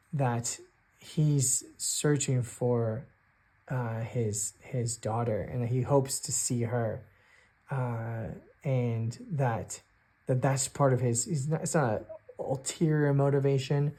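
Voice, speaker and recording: A man's voice: medium pitch, darkish tone. A man narrating a solo tabletop game as game master, thinking aloud and hesitating often. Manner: hesitant, full of fillers and restarts, thinking aloud. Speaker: game master and sole player.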